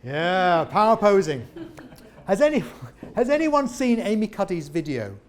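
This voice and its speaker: A man, a former comedian, leading a lively interactive workshop on presenting and asking the audience questions. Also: high voice, measured pace. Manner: animated, jokey, questions the audience. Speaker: presentation trainer. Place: meeting room with an audience.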